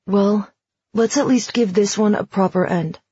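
A woman reading the lines of a playful, teasing teenage boy in a slightly husky voice. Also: mid-range voice, measured pace, warm tone, dry recording. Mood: gentle. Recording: dry, slightly dull audio.

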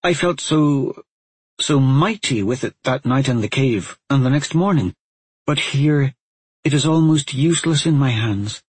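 A man's voice: medium pitch, moderate pace, darkish tone, breathy edge, no echo, pitched above the performer's own voice, lightly acted. A man voicing a frightened young woman, an apprentice witch, in a storybook reading, with a raised, pleading voice. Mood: tearful.

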